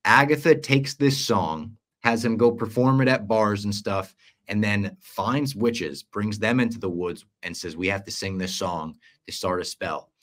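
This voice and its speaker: A young man's voice, on the low side and slightly slow, carries a lengthy series recap on a casual podcast he co-hosts. He tells it animatedly, acting out quoted lines along the way.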